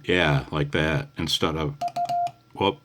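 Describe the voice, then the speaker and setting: Slow, deep-voiced older man teaching radio. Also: fairly even intonation, very noisy. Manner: chatty, laughing, calls listener "man". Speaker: ham radio instructor. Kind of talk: casual video lesson.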